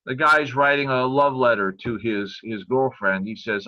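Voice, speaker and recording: An older man with a bright, forceful voice tells stories and corny jokes in a casual podcast chat. He halts and restarts as he searches for the punchline. The recording sounds dull and lo-fi. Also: mid-range voice, steady tone. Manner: storytelling, halting, loses his place in jokes. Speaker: pastor and guest father.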